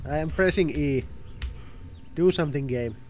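A man's voice: fairly high pitch, moderate pace, slight background noise. A man doing casual let's-play commentary, sarcastic and swearing as he laughs at the game. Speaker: gameplay commentator.

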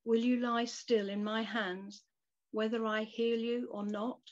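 A woman voicing a gentle male shepherd who mends hurt creatures, speaking quietly and patiently. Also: fairly high pitch, level tone, a little slow, natural voice. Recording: dull lo-fi recording.

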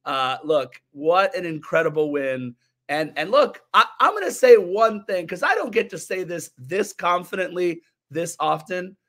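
A hoarse man with a voice worn out from cheering, co-hosting a soccer fan podcast. His pitch runs slightly high for a man, and his stories ramble along with animated restarts. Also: measured pace. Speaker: podcast co-host. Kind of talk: casual sports podcast chat.

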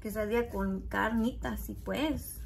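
A woman's voice: fairly high pitch, fairly even intonation, normal speed, gravelly, a little hiss or hum. A woman in her thirties cooking at home, telling rambling, profane stories and mixing in Spanish words. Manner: rambling, profane, chatty storytelling; mixes Spanish words into English. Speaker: cooking vlogger. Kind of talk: casual cooking vlog chat.

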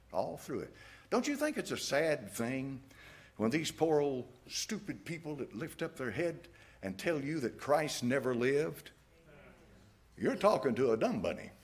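A man preaching a sermon in a folksy, emphatic way, chuckling at his own jabs. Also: medium pitch. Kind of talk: fiery evening sermon.

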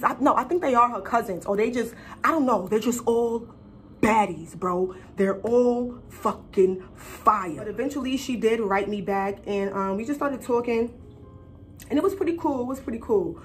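Young woman vlogger, brightish pitch, swears a lot, lively casual storytelling, faint room hum. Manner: animated, profane, slangy.

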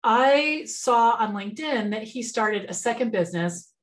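Woman business mentor, webinar, relaxed chatty delivery, plain computer mic. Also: fairly high pitch, measured pace. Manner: relaxed, chatty, frequent fillers and restarts. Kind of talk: conversational webinar presentation.

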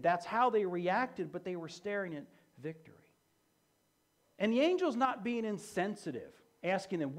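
Animated high-voiced male preacher. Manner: emphatic, repeats key phrases for effect. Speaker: pastor. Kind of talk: sermon.

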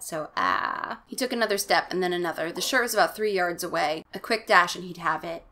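A young woman with a fairly low, slightly bright voice hosts a comic reading of a children's horror book. She blends dramatic narration with sarcastic, irreverent asides laced with profanity, doing exaggerated voices for the characters.

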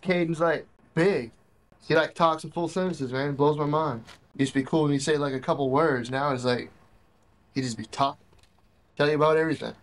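Profane young soldier telling war stories. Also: male voice, fairly high pitch, brisk, low-quality recording. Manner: profane, rambling, laughs while telling. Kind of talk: casual war story. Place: military base in Iraq. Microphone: handheld camcorder.

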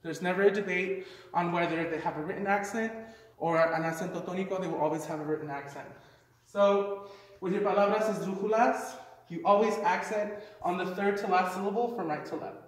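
Man, high voice, casual teacher, explanatory, heavy room echo, far from mic. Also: a little fast. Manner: casual, explanatory, uses fillers. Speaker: Spanish teacher. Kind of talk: classroom lesson.

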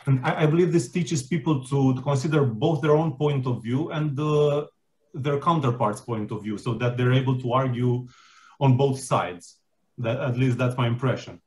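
A man's voice: mid-range voice, moderate pace, a little mellow. A man hosting a conference session over a video call, introducing a speaker with many fillers and restarts. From Romania. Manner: hesitant, many fillers and restarts, laughs easily. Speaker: conference host.

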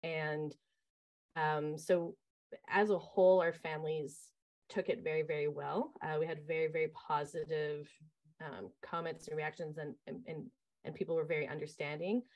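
Casting note: camp director, woman, fairly low voice, chatty and animated, telling camp stories with lots of ums. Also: normal speed, lo-fi sound. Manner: lively, acts out quoted voices, many fillers. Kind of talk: casual interview storytelling.

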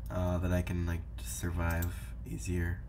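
A man's voice: low voice, completely flat delivery, measured pace, noisy background. A young man giving casual, playful gameplay commentary, teasing the players and talking to his viewers. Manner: playful, teasing, talks to viewers while playing. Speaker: gaming YouTuber.

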